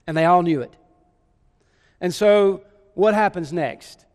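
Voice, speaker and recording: High-voiced preacher telling a story. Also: male voice, normal speed, in a large hall. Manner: storytelling, with rhetorical questions. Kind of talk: sermon.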